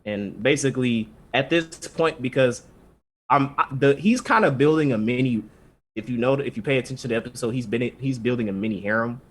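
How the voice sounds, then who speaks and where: A man's voice: medium pitch, lively intonation, fairly quick, slightly rough. A man co-hosting a casual podcast, retelling an episode in a loose, joking way and acting out the characters' lines. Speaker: podcast co-host. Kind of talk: casual anime recap chat.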